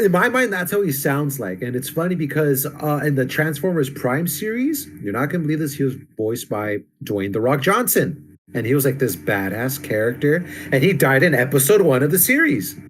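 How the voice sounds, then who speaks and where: A man's voice: a little high, slight background noise. Laid-back man chatting about comics. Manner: laid-back, laughs often, trails off with fillers. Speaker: podcast co-host. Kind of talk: casual comic book discussion.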